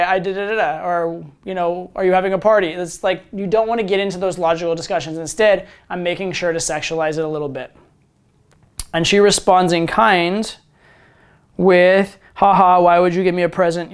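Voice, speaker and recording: A man's voice: high-pitched, smooth. A man talking through text messages step by step, casual and full of "right?" as he coaches dating. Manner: explains step by step, reading out texts. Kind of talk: instructional monologue.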